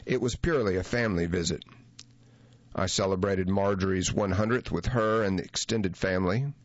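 A man reading a first-person memoir essay aloud in a measured, reflective audiobook narration. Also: sits low, no room sound, muffled recording.

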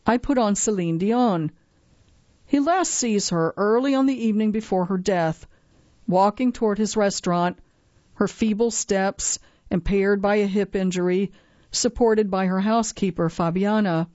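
A woman reads a long magazine feature aloud as scripted narration, at a medium pitch. Her delivery is measured and slows down for the weighty moments. The recording is dry and a little muffled, with no room sound at all. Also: a little mellow, dry recording. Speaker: narrator reading a magazine article. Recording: dry, slightly dull lo-fi sound.

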